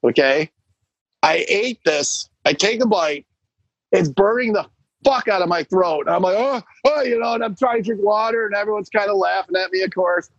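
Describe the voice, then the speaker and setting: High creaky husky man telling stories. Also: moderate pace, no echo, highs cut off. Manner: animated storyteller who acts out quoted voices and swears. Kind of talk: casual chat.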